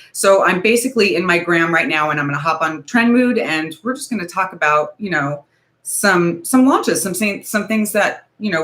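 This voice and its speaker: Bubbly woman hosting a livestream, bright and excitable, casual chatter. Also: on the low side. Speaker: livestream host.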